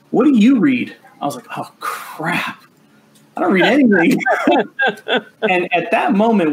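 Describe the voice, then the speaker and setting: A man, a father of a nine-year-old, telling family stories in casual podcast chat, animated and joking, acting out what others said. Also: mid-range voice, a little hiss or hum, poor audio. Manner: animated, jokey storyteller who acts out family dialogue. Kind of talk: casual storytelling.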